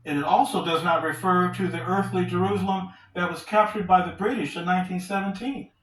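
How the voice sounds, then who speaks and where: A man teaching from the Bible in a sermon, reading verses aloud slowly and asking rhetorical questions. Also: high-pitched, fairly even intonation, a bit bright, slight background noise. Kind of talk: scripture study sermon. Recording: roomy echo, distant from the mic.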